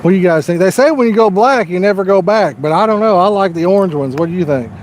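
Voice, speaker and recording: High-voiced joking Southern man. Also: quick pace, a little mellow, a little hiss or hum. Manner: folksy, joking, corny one-liners. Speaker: fishing livestream host. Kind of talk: casual live-stream chat. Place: outdoors by the water.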